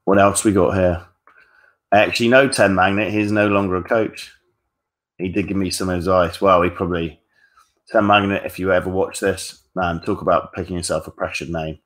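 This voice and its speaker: A man with a notably low, deep voice talks straight to his viewers in a live-stream Q&A. He is blunt and casual, a dating coach who swears freely and keeps things frank. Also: steady tone, moderate pace, fairly bright tone.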